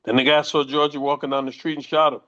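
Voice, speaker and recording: A man in his sixties who once boxed tells stories in a relaxed interview, cursing freely and acting out other people's lines. His voice sits a little high. The audio is dull and lo-fi. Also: fast talker. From United States. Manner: profane, animated anecdotes with quoted voices. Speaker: former boxer, interview guest. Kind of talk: casual storytelling interview. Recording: muffled lo-fi audio.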